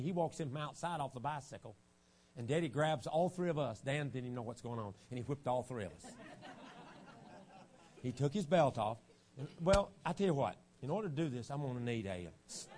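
A man preaching a revival sermon in a church, telling family stories in a folksy way and moving from quiet, low remarks to loud outbursts. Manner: storytelling, swings from hushed to shouting. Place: church sanctuary.

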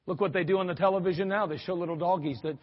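Speaking very fast, a male preacher with a high, husky voice gives an animated sermon, bursting into sudden exclamations as he acts out quoted reactions. Long reverb fills the church hall, and the recording sounds dull and muffled.

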